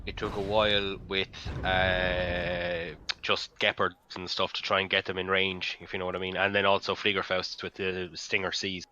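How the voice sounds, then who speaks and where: A man's voice: sits low, completely flat delivery, normal speed, sharp tone, lo-fi sound, a little hiss or hum. A man hosting a casual game replay commentary, rambling with many ums and restarts. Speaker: gaming channel host.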